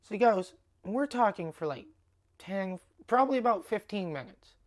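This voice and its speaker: A woman comedian talking casually on her own podcast, swearing freely and acting out what people said in quick bursts. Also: medium pitch. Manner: animated, swears, acts out dialogue in quotes. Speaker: stand-up comedian. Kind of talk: casual solo podcast storytelling.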